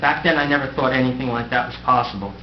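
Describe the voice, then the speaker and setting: A middle-aged man talks fast in a mid-range voice. As the outgoing mayor, he gives a scripted goodbye from the council dais, making wry jokes about himself. The room recording is echoey, noisy and dull.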